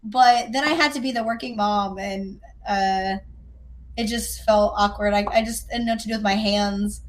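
A woman's voice: medium pitch, steady tone, normal speed, slight background noise. A woman from the American South, hosting a podcast and telling a chatty, self-deprecating story. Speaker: podcast host. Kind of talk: casual chat.

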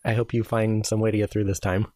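A woman with a very low, deep voice co-hosts a podcast, teasing her partner in easy chat. She reads out quiz-style questions between jokes. The sound is dry and close, with no room in it. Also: level tone, fast, mellow, no echo. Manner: teasing, quizzes her co-host with would-you-rather questions. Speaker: podcast co-host. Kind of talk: casual chat.

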